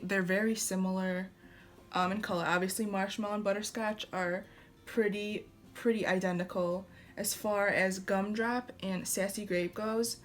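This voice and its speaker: A young woman chatting casually through a makeup review, hesitant, with many fillers and restarts. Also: medium pitch. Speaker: beauty vlogger.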